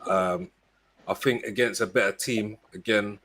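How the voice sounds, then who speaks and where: A man's voice: lowish voice, steady tone, unhurried, fairly bright tone. A man makes emphatic points in a casual football chat. His talk is slangy, and he keeps checking that the others follow him. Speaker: co-host of a football fan show.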